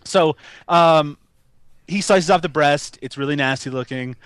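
A man's voice: a little high, unhurried, fairly bright tone, clear, resonant tone, no echo. A man co-hosting a casual movie review chat, wry and jokey, chuckling as he talks. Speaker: podcast co-host.

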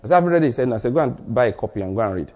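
A man preaching a sermon as pastor, telling stories and acting out short exchanges, with sudden rises in pitch for emphasis. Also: expressive, rapid-fire, dark tone. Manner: storytelling, acts out dialogue in asides.

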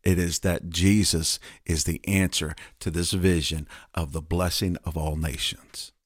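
Co-host, male, very low voice, dry close sound, earnest preacher making an appeal. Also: level tone, unhurried, dry recording. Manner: earnest, pleading appeal to listeners. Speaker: podcast co-host. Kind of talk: preaching call to faith.

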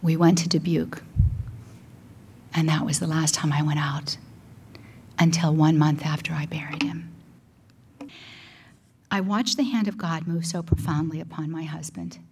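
Older lady preaching, husky voice, goes soft and whispery, heartfelt testimony talk. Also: low-pitched, fairly even intonation, moderate pace, pauses often. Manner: emotional testimony, often dropping to a near whisper. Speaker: Catholic speaker and broadcaster. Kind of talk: sermon.

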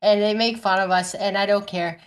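A woman hosts a casual group chat in a middle-pitched voice. She talks chattily and stumbles over her words now and then. She keeps the talk light and unscripted. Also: fairly even intonation, fairly quick. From Italy. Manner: chatty, hesitant, laughs easily. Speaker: host.

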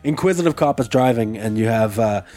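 Male podcast co-host, wisecracking interjections, mid pitch, faint music in the mix. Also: lively intonation, dark tone. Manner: quick joking interjections. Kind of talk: casual chat.

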